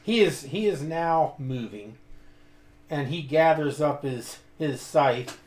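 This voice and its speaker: Man player narrating his character, slightly high voice, roomy echo. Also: animated, slow, a little mellow, slight background noise. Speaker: tabletop game player. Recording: echoey room with faint ambience.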